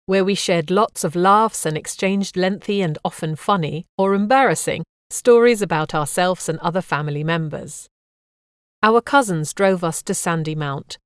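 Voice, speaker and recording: A woman narrating a memoir audiobook in a calm, measured reading voice. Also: on the low side, clean tone, dry recording, studio quality.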